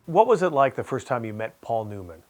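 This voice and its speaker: A man with an ordinary mid-range voice conducts an interview. He asks his questions in a measured, curious way. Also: medium pitch, sing-song, darkish tone.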